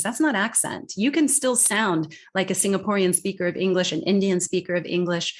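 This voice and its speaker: Lower-pitched woman, quick emphatic coach. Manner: quick, emphatic, restarts words, voices her clients' lines. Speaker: communication coach and author. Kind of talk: interview conversation.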